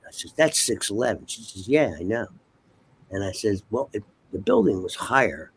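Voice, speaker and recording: Interview guest, male, gravelly and husky, swears freely while acting out scenes. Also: fairly low pitch, normal speed. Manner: profane, animated storyteller acting out dialogue. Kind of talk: casual storytelling.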